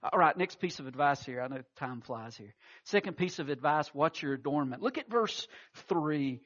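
Man, pastor, sermon, storytelling, husky, dull recording. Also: on the high side, lively intonation, normal speed, a bit bright. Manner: storytelling with acted quotes, many restarts.

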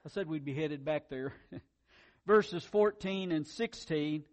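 Animated man preaching a sermon. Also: fairly high pitch, slow. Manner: animated, swings between loud emphasis and quiet asides; repeats words when excited. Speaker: pastor.

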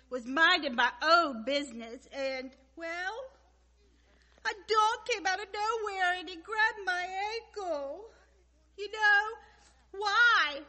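High, tearful young woman praying. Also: sharp tone. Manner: tearful, self-pitying, repeating why questions. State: crying. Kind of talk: tearful comic monologue prayer.

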